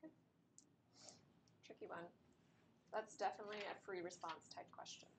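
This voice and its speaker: A woman's voice: medium pitch, fairly even intonation, normal speed, background noise. A woman teaching a math class, explaining steps to her students while she is losing her voice and it keeps cracking. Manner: talks through steps at the board, chatty with students.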